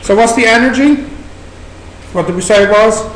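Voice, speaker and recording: A man's voice: sits high, normal speed. A man with an Irish accent tutoring maths, asking students question after question as he works through exam problems in a classroom. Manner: questioning, prompting students step by step. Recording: echoey room recording with background noise.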